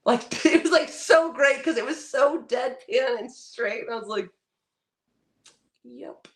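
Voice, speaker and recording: A woman's voice: sits high, normal speed. A woman co-hosting a casual podcast chat, telling a story bluntly, swearing freely and acting out what people said. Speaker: podcast co-host.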